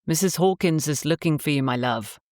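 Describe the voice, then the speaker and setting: A woman voicing a courteous, roguish gentleman landowner in an audiobook, with polished speech. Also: low-pitched, brisk, dry recording, clean studio sound, lightly acted.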